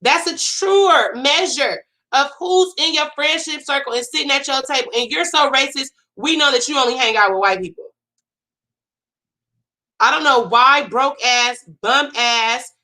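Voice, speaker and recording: A high-voiced woman rants to her viewers in animated, indignant reaction commentary. Her tone is bright and cutting, and she addresses her chat directly from a home livestream setup. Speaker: commentary host.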